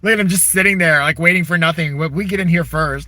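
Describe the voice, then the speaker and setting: A man's voice: fairly high pitch, quick pace, bright, forceful tone. A man vlogging from his car, ranting in a sarcastic, profane, exasperated way. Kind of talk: casual profane rant to camera.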